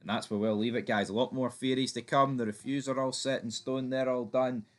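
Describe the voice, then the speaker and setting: A man's voice: medium pitch, fairly even intonation, fairly quick. A man hosting a fan theory channel, giving his opinion in a chatty, emphatic way with some swearing. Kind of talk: casual opinion commentary.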